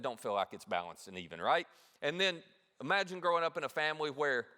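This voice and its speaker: Lively male pastor preaching in a hall. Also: on the high side. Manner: animated storytelling, asks the audience questions. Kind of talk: sermon. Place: large church hall. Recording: long reverb of a big hall.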